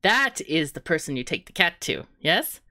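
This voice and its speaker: Woman, podcast host, casual chat, giggly, playful, animated pitch. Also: moderate pace.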